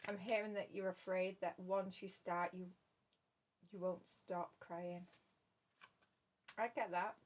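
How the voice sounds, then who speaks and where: A woman's voice: fairly low pitch, level tone, slow, pauses often, a little hiss or hum. A woman giving a spoken tarot reading to her viewers, earnest and repeating her phrases. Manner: earnest, repeats phrases, addresses listener as love. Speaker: tarot reader.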